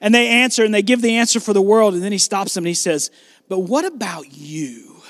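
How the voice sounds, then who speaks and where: A man pastor preaching a sermon, animated, acting out biblical dialogue with shifting volume. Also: sits high, fast, dry recording, studio quality.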